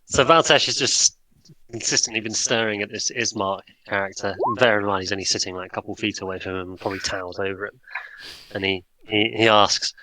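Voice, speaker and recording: Jokey guy player, low voice, noisy background. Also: steady tone, fairly quick, sharp tone. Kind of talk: tabletop game play. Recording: background noise.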